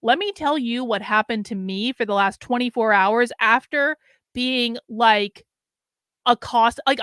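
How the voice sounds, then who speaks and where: A middle-aged woman hosting her own show, talking casually and rambling in an exasperated way, sounding drained and low on energy. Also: bright, forceful tone, dry recording, clean studio sound. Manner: rambling and exasperated, heavy on fillers. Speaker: host. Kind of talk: casual solo commentary.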